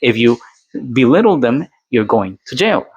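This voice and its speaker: A man's voice: mid-range voice, very animated, normal speed, highs cut off, heavy background noise. A man from Colombia doing reaction commentary, lecturing and repeating his points with tag questions. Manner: lecturing, repeats points with "all right?" and "okay?".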